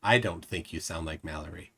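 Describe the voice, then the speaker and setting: A man's voice: sits low, fairly quick, sharp tone, husky. A man hosting a live stream, reading viewer comments aloud and making wry remarks. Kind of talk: casual live-stream chat.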